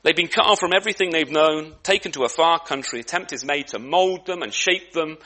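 Guy giving a sermon, high bright voice, lots of restarts, chatty and animated. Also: fairly quick. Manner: conversational, with frequent restarts and asides; animated and lively emphasis. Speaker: preacher. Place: church.

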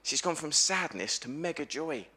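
Animated man preaching to families. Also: a little high, normal speed, breathy edge. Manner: animated storyteller, asks the congregation questions. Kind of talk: lively all-age sermon with questions to children. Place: church.

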